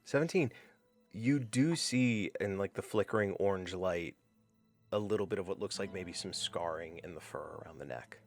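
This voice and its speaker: Low-voiced man running a tabletop game. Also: moderate pace, creaky, faint music behind. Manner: loose, rambling, with many fillers and restarts. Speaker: game master.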